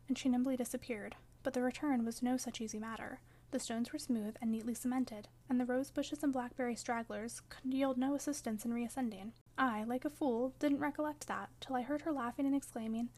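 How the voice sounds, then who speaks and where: A woman narrating a classic novel as an audiobook, in a measured, steady storytelling manner. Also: on the high side. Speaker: audiobook reader.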